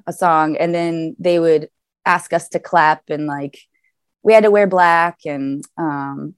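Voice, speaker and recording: A woman raised in the American South tells a fan story in a casual chat, animated and laughing often. Her voice sits a little low for a woman. The sound is dry and close. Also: no echo.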